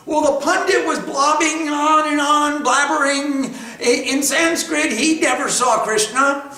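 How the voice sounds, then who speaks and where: Man, spiritual teacher, storytelling lecture, high bright voice, far from mic. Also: unhurried, few pauses. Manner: storytelling, emphatic, repetitive. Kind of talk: spiritual class lecture with questions. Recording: echoey room, far from mic.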